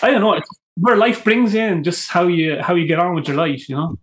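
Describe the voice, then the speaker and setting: An Irish man telling excitable fishing stories in a casual podcast chat, swearing freely and acting out quotes. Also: sits high, brisk, a little hiss or hum. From Ireland. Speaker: podcast guest. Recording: roomy echo.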